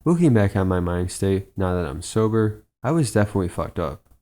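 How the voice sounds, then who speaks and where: A man reading aloud a first-person story someone sent in, in an even, unhurried storytelling manner. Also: sits low. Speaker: channel narrator. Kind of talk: reading a submitted first-person trip report.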